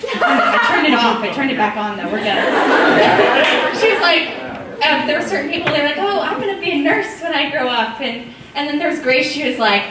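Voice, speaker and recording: A woman's voice: high-pitched, a little fast. A teenage girl giving a rambling, emotional farewell speech as a graduating senior, laughing and close to tears. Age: teens. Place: large school hall or auditorium. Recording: echoey distant hall mic with loud crowd and noise.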